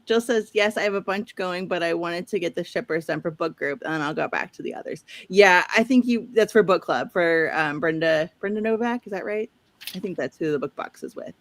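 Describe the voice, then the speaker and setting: A woman's voice: lowish voice, brisk, a bit bright, dry recording. A woman from St. Louis with a St. Louis accent, hosting a livestream, chatting casually and reading viewer comments aloud. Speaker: livestream host. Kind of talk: casual chat.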